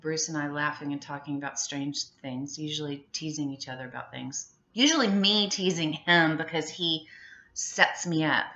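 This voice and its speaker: A woman's voice: sits low, normal speed, sharp tone. A middle-aged woman chatting in a loose, rambling vlog monologue, full of fillers and giggles. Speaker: vlogger. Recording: muffled, echoey room.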